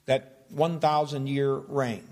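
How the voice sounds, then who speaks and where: A man preaching a Bible study sermon, reading old-fashioned scripture slowly and deliberately, then explaining it in a measured teaching voice. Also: medium pitch, fairly even intonation, a little mellow. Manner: reads King James scripture slowly and deliberately; measured teaching delivery with fillers and restarts.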